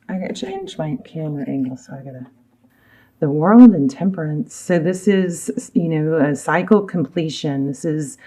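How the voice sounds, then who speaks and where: Chatty woman reading tarot, mellow low voice. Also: poor audio. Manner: chatty, rambling, easily distracted, many fillers. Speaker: tarot reader. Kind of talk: casual tarot reading to camera. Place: home room with her dog.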